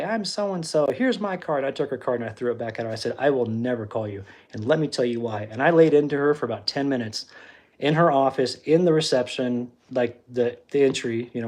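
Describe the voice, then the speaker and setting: A man telling a story on a livestream in a casual, animated way, acting out the quoted exchanges with frequent restarts. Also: medium pitch. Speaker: livestream host.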